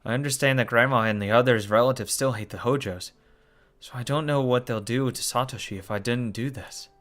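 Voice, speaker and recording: A man's voice: mid-range voice, a little fast, fairly bright tone. Man reading a game aloud, cursing. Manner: shocked cursing and groaning between read lines. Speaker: let's play host. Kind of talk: reading a visual novel aloud.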